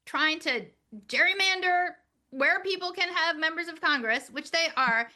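Woman host, high bright voice, indignant and punchy. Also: normal speed. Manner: indignant, forceful, repetitive emphasis. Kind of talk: political interview talk.

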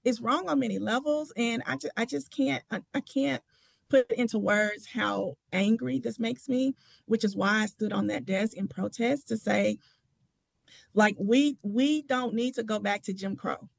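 Gravelly-voiced impassioned woman senator. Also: on the high side, unhurried, dry recording. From Tennessee. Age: adult with children. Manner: impassioned, emphatic, restarts often. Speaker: state senator. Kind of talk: political interview talk.

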